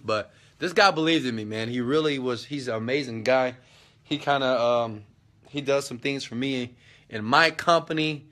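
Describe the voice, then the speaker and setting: A man's voice: medium pitch, sharp tone. A man chatting loosely on a live stream from a hotel suite, hyping his business coaching and filming with a phone at arm's length. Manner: loose and chatty, hype-driven. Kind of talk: casual live-stream chat.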